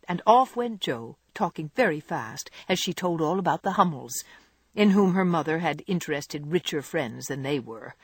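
An audiobook narrator reading a classic novel aloud, with a measured and expressive delivery. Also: mid-range voice, slightly rough, dry recording. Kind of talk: scripted narration.

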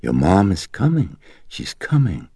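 A man voicing a calm male psychiatrist who speaks softly and soothingly in an audiobook reading. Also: sits low, a little slow, slightly rough, dry recording, clean studio sound, pitched above the performer's own voice, heavily acted. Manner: soft, soothing, hushed. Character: calm, gentle male psychiatrist, middle-aged.

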